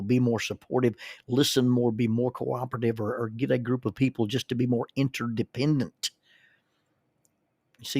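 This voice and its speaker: A man's voice: mid-range voice, creaky, no room sound, studio quality. A man, a counselor and minister, telling stories in a folksy way, often repeating words as he starts a thought. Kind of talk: storytelling monologue.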